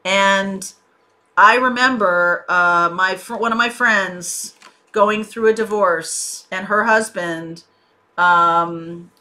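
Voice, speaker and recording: A woman talks through a tarot reading in a relaxed, conversational way, full of small fillers. Her voice is bright and forward at a middling pitch. She sounds reassuring and unhurried. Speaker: tarot reader.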